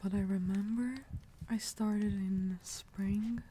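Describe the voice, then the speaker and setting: A woman whispering softly in an ASMR livestream, greeting viewers and answering chat, often sinking into a relaxed, lower voice. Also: slow, a little hiss or hum. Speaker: livestream host.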